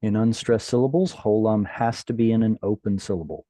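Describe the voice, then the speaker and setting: Guy teaching a class over a video call, mellow voice, patient, asks questions. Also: fairly low pitch, brisk, dry recording. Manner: patient, explanatory, quizzes students. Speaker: Hebrew teacher.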